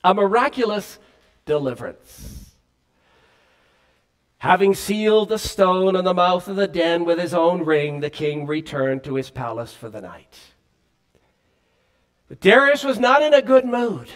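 A man with a high voice preaches a sermon. He delivers it earnestly, climbing on emphatic points and dropping low on solemn ones. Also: lively intonation, measured pace, pauses often. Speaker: pastor.

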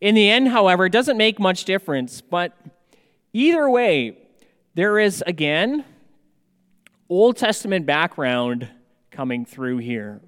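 Slow, clear-voiced male preacher in a hall. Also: sits high, sing-song, a bit bright. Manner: slow, measured preaching with emphatic rises. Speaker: pastor. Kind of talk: sermon. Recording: long hall reverb.

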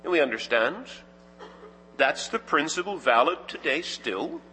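A man, preaching a sermon as a pastor, measured and emphatic, posing rhetorical questions to the congregation. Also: a little high, very animated, pushed and bright, a little hiss or hum. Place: church sanctuary. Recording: reverberant church hall.

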